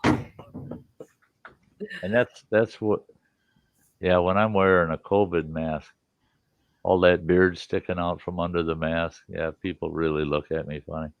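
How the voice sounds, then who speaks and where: A man's voice: low voice, steady tone, slow, pauses often, dry recording, lo-fi sound. An older grandfather hosting a livestream, telling rambling, profane stories and laughing as he chats. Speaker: livestream host. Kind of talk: casual storytelling chat.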